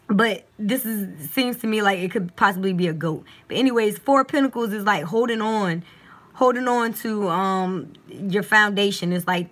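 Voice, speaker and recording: A woman's voice: medium pitch, a bit bright. A woman doing a casual, chatty live-stream tarot reading on her phone at home, partly reading aloud from a guidebook.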